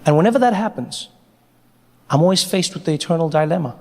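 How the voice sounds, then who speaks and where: Animated stand-up comic, high voice. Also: male voice, quick pace. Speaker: stand-up comedian. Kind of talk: stand-up comedy. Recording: live stage mic in a large hall with faint ambience.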